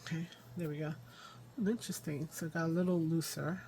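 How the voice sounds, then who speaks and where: A woman's voice: deep voice, fairly even intonation, fairly quick, dark tone, slight background noise. A woman hosting a casual crafting vlog, rambling to herself as she works at her craft table at home. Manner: rambling self-talk while working with her hands. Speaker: crafting channel host.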